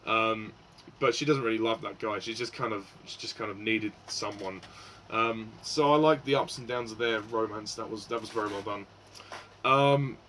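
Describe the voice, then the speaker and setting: A man's voice: mid-range voice, a bit bright, a little hiss or hum, rough recording. A man giving a casual spoken film review, hesitant, with many fillers and restarts.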